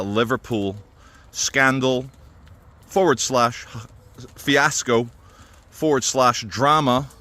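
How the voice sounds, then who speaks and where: A man's voice: mid-range voice, sharp tone. A man giving casual commentary to camera, rambling with many fillers and restarts and slipping in dry, offhand asides. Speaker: vlogger.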